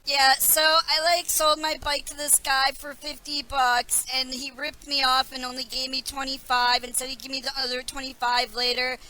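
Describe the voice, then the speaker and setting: A woman's voice: high-pitched, little pitch movement, moderate pace, few pauses, sharp tone, poor audio. A woman voicing a young boy giving a testimonial in a comedic fake commercial, telling his story in a chatty, plain way. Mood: matter-of-fact.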